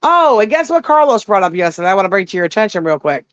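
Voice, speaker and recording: A middle-aged woman caller telling stories in casual chat, animated and full of swearing. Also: mid-range voice, fast talker, dry recording, lo-fi sound. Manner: profane, animated storytelling.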